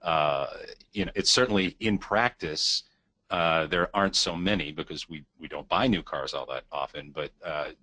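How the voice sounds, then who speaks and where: Brief: low male host, crisp forceful tone, reads viewer questions, dry wit. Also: normal speed, no echo. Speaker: host reading audience questions. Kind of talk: webinar Q&A.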